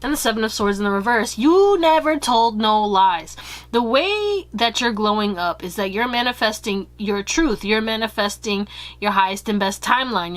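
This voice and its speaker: A woman's voice: a little high, fairly bright tone. Chatty, profane woman reading tarot. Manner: chatty, blunt and profane, giggly. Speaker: tarot card reader. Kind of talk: casual pick-a-card tarot reading.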